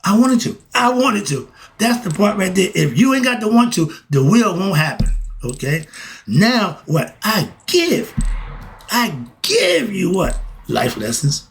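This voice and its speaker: Older man, spiritual monologue, rhetorical questions, exasperated, loud-soft swings, slightly high voice. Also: big pitch swings, a little slow, gravelly, a little hiss or hum. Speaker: self-styled spiritual teacher. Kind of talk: preachy monologue to viewers.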